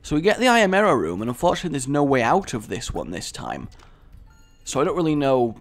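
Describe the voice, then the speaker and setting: A man's voice: medium pitch, wildly swooping pitch, fast talker, soft background music. Guy chatting over his game run, self-mocking little jokes, voice swoops up and down a lot. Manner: rambling, self-mocking, jokey asides. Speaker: gaming commentator. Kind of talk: casual gameplay commentary.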